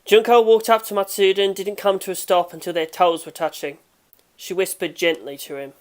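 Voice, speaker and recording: A woman narrating a fan audiobook in a steady, measured reading. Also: medium pitch.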